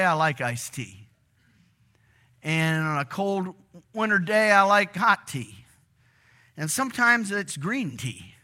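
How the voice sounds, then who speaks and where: A middle-aged man preaching a sermon to a congregation in a church, animated and often asking them questions. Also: a little high. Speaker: pastor.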